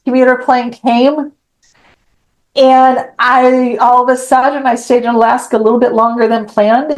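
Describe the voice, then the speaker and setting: A woman's voice: fairly high pitch, level tone, moderate pace, poor audio. A middle-aged woman, a podcast guest, telling a personal story with animation and acting out the dialogue in a frank, blunt way.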